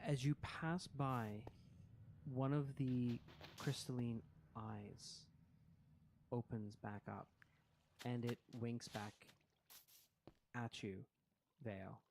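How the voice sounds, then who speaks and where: A man running a tabletop game as game master, narrating in a slow, halting way with many pauses. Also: mid-range voice, steady tone, gravelly. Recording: loud background noise.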